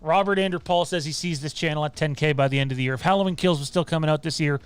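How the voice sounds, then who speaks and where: A man's voice: fairly high pitch, racing, clean tone, dry recording. A man hosting a casual livestream from home, talking loosely with frequent fillers and some swearing. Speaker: podcast host. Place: home room.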